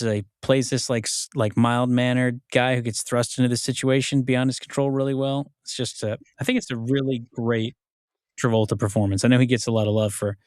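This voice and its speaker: A man in relaxed movie talk, rambling and full of fillers, his voice at an everyday middle pitch. He sounds close and dry on the mic, with no room around him. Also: no room sound. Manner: rambling, filler-heavy, retells scenes in quick voices. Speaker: podcast co-host. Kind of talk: casual movie chat.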